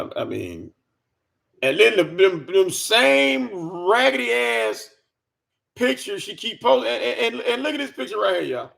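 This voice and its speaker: With a high, slightly bright voice and some vocal fry, this male commentary vlogger delivers a ranting reaction full of exasperation and profanity. He stammers and says things more than once.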